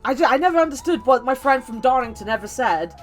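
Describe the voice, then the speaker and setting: Soft music plays behind this young game streamer as she talks quickly in a high, animated voice. She's from the West Country, with a mild British accent, and her casual chat with viewers is rambling, chatty and full of laughter.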